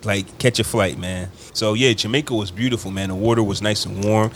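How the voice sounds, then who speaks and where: A man casually telling a long, animated story to friends on a podcast, slipping into quoted voices and laughing along. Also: on the low side, a little fast, a little hiss or hum.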